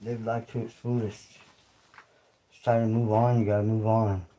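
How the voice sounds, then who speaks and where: A man's voice: fairly low pitch, little pitch movement, normal speed, mellow, a little hiss or hum, poor audio. A man hosting his own livestream, talking loosely and conversationally, repeating phrases and asking listeners "you feel me?". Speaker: YouTube creator and livestream host. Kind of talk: casual livestream monologue.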